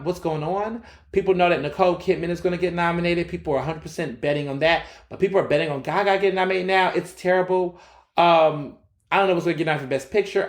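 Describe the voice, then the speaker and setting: Man, podcast host, casual solo commentary, animated and slangy, somewhat high voice, echoey room. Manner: animated, talks straight to listeners with slangy asides.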